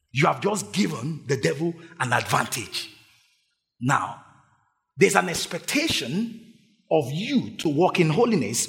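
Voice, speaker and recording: Male pastor, sermon, call-and-response preaching, fairly high voice, long hall reverb. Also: vocal fry. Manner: call-and-response preaching, urging the congregation to shout.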